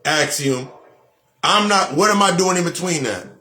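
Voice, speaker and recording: Blunt, preachy man speaking fairly high. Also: animated, moderate pace, pushed and bright. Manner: preachy, repetitive, blunt with profanity. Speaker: spiritual speaker. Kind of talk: motivational monologue.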